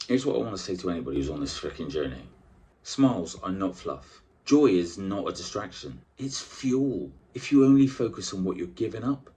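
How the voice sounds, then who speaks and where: A man in a casual motivational vlog, coaching on weight loss in a blunt, sweary, animated way. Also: low voice, brisk.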